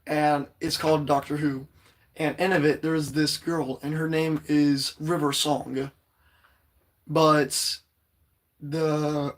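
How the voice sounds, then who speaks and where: A man hosting a casual livestream, greeting viewers and rambling excitedly about shows and quotes, with a voice still a little hoarse. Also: on the high side. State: voice slightly hoarse, recovering. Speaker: livestream host reading chat.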